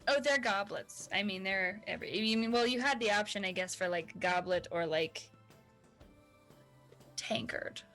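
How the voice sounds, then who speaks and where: A woman's voice: mid-range voice, fairly quick, hardly any pauses, fairly bright tone, soft background music. A woman narrating as dungeon master in a chatty, playful way. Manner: chatty, playful, with many fillers. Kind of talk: narrating a tabletop game.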